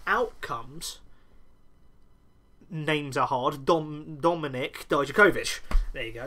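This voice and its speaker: A man's voice: fairly high pitch, takes it slowly, pauses often, pushed and bright. A man hosting a podcast, talking alone in a casual, rambling way and often correcting himself. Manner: rambling, self-correcting storyteller. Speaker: podcast host. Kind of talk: casual solo podcast monologue.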